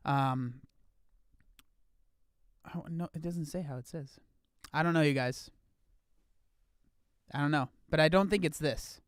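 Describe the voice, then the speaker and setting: A man live-streaming in a casual chat, animated and incredulous as he talks to his viewers. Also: a little high, a little slow, long pauses, smooth, no echo, studio quality.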